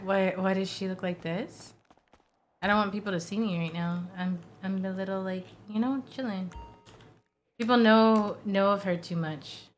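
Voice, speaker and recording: A woman's voice: mid-range voice, slight background noise. A woman streaming a game roleplay, chatting casually with plenty of fillers. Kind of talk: casual gaming stream chat.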